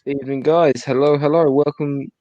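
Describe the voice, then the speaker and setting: A man's voice: fairly high pitch, steady tone, moderate pace, dry recording, dull audio. Guy, dry close sound, wry little jokes, welcomes the chat. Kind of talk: casual banter on a video call.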